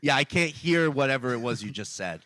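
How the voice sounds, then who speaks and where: A man's voice: mid-range voice, animated, a little fast, sharp tone. A man co-hosting a casual comedy podcast, telling stories animatedly and swearing freely over a remote call. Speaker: podcast co-host.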